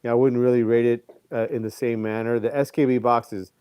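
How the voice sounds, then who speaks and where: A man co-hosting a casual fishing show, calmly explaining gear with lots of fillers. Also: medium pitch, fairly quick, clear, resonant tone, no room sound, studio quality. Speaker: co-host. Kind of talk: casual chat.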